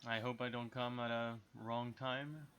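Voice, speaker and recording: A man voicing an awkward, stiff male prosecutor in a tabletop game, talking haltingly. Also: mid-range voice, steady tone, fairly bright tone, natural voice. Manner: halting, awkward, narrates own actions.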